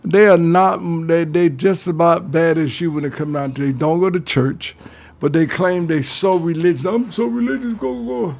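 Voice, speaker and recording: A man's voice: a little high, steady tone, moderate pace. An older man, giving preachy advice on a talk radio show and calling his listeners fellas. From Georgia, US.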